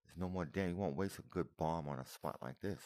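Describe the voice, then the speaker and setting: A man reacts to video footage with casual, emotional commentary, repeating himself and calling the listener "man" and "brother." His voice is deep with a darkish tone, and he speaks fairly quickly.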